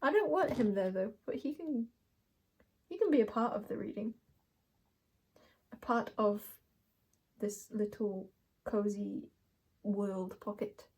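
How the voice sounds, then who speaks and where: A woman's voice: medium pitch, slow pace, long pauses, a little mellow, husky. A young woman doing a casual card reading, playful and rambling, laughing often as she talks to herself and the viewer. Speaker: tarot reader.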